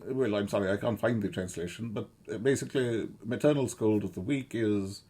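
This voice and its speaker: A middle-aged man giving rambling, sardonic commentary, halting often with fillers and restarts. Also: lowish voice, warm tone.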